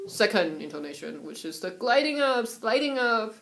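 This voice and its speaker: A young woman from Taiwan giving a casual, chatty lesson on Mandarin tones at home, sometimes singing syllables to show the pitches. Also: moderate pace, hardly any pauses, faint music behind. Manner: relaxed, chatty, breaks off to soothe her cat; sings syllables and solfege to demonstrate tones. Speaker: Mandarin tone teacher.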